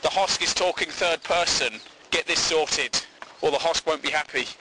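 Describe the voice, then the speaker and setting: A man's voice: on the high side, moderate pace, noisy background. A man hosting a podcast, rambling through a crude comic monologue and laughing at his own jokes. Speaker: podcast host.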